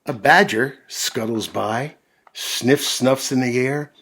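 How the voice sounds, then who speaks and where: A man reading a children's picture book aloud in a gentle, drawn-out, expressive way, then chatting to the kids. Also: mid-range voice, breathy edge. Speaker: storyteller for children.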